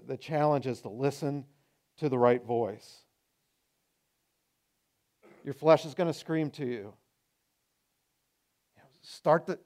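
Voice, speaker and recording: A man preaching a sermon as pastor, animated and acting out people's excuses in changing voices. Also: mid-range voice.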